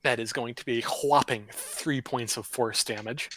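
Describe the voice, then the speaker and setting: A man's voice: medium pitch, steady tone, moderate pace, fairly bright tone. A man playing a tabletop game, describing his character's actions with dry joking asides. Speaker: player.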